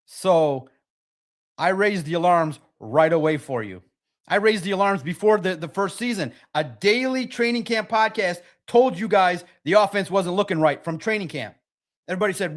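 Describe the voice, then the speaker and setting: A man hosting a casual sports talk livestream, excitable and rambling, with a slightly raspy voice. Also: high-pitched, normal speed. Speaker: podcast host.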